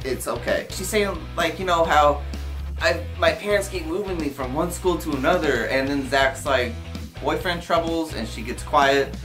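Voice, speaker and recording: Over music, a young man gives a casual movie review vlog at an ordinary pace. Emotional and easily excited, he swears freely, and his pitch jumps whenever he gets fired up.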